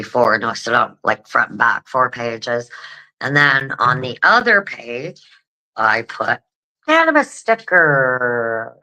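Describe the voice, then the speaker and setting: A woman hosts an online show and chats casually to her viewers. She talks at an unhurried pace and often repeats words as she rambles along. Her voice has a bright, forward edge. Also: low voice, rough recording. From Canada. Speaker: show host.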